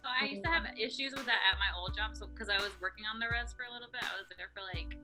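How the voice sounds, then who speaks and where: Talking rapid-fire over music, a young woman with a mid-range voice co-hosts a podcast. The chat is casual and rambling, packed with "like."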